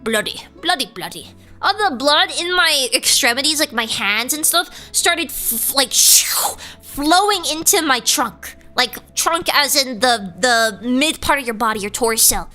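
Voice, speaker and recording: A woman streamer telling a story casually, animated and giggly, acting out the people she quotes. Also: high voice, unhurried, faint music behind.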